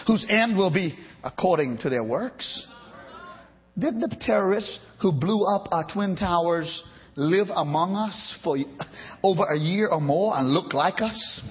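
Fiery preacher man, high lively voice. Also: slightly rough. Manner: fiery, shouting preaching with call-and-response. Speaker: pastor. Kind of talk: sermon. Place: church sanctuary. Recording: dull lo-fi church recording.

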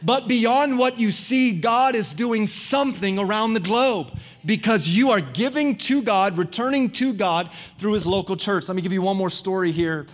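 High-pitched male pastor preaching, animated storyteller, keeps calling on the crowd. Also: normal speed. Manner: preaching with crowd call-outs. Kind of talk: sermon.

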